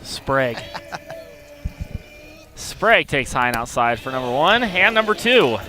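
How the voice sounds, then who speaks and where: Brief: male play-by-play announcer, a touch high-pitched, brisk and plain, outdoor ballpark with music behind. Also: sing-song, low-quality recording. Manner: brisk, matter-of-fact pitch calls. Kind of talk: live high school baseball play-by-play.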